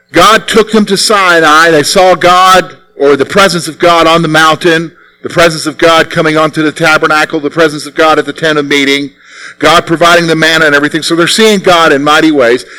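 High, bright-voiced male preacher. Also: poor audio. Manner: animated, conversational, asks the listeners rhetorical questions. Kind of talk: sermon.

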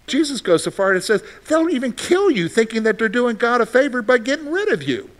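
Middle-aged male preacher, high-pitched, animated, rhetorical questions, loud peaks and hushed asides. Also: brisk. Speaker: pastor. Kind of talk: sermon.

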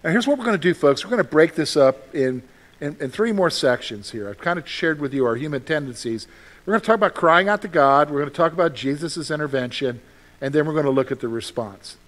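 A man with a high voice preaching to his congregation. He talks in a loose, conversational way, asks the room questions and acts out short voices to make a point. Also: expressive, fairly quick. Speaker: pastor. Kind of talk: sermon.

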